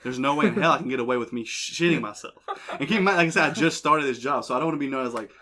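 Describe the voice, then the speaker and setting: A man's voice: mid-range voice, very fast, sharp tone, a little hiss or hum. A young man hosting a podcast, telling a crude, rambling story in casual chat. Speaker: podcast host. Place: basement.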